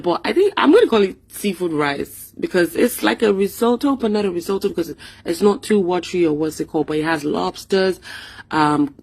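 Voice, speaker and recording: A woman's voice: on the low side, lively intonation, brisk, vocal fry, a little mellow, slightly rough. A Nigerian woman with a Nigerian accent, giving a playful, chatty vlog voice-over about food and joking about herself. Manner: playful, chatty, self-mocking, slips into pidgin. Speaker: food vlogger.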